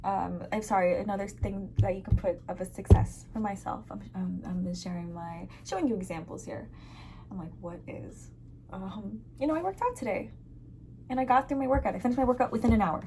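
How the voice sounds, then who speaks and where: A woman's voice: medium pitch, lively intonation, fairly quick, a little mellow, slight background noise. A young woman talking casually to a camera at home, rambling with laughing asides and stopping to correct herself. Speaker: vlogger. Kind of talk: casual self-help vlog talk.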